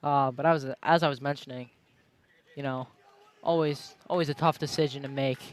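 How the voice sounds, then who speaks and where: A young man doing play-by-play for a high school baseball game outdoors, chatty and going off on tangents between pitches. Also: fairly even intonation, brisk. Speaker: play-by-play announcer.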